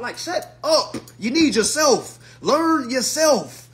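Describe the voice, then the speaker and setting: A man giving an emphatic, casual rant to camera, swearing and swinging from hushed to loud. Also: very high voice, big pitch swings, moderate pace, hardly any pauses. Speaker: vlogger.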